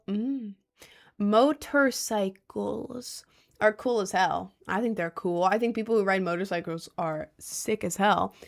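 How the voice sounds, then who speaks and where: A young woman rambles to her live chat, jumping between topics with plenty of "like" and bursts of laughter. Her voice sits at an ordinary middle pitch, relaxed and unhurried. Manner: rambling, animated, frequent "like" and laughs. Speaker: livestreamer. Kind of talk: casual livestream chat reading viewers' messages.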